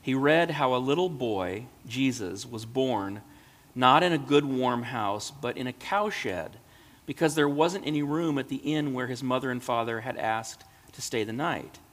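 A man reads a storybook aloud in a gentle, measured voice. His pitch is middling, and a long hall reverb lingers behind each phrase. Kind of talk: storybook reading.

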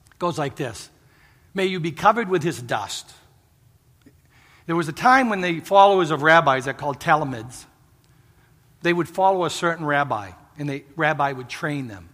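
A man's voice: a little high, fairly bright tone. A middle-aged man preaching a sermon, telling stories and pleading earnestly with the congregation. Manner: storytelling, earnest pleading with laughs. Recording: long reverb of a hall.

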